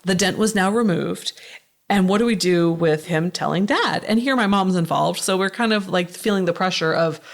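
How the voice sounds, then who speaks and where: A woman's voice: on the low side, moderate pace. A woman in her thirties hosting a podcast, chatting casually and telling a story with lots of fillers and laughs. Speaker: podcast host. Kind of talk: casual chat.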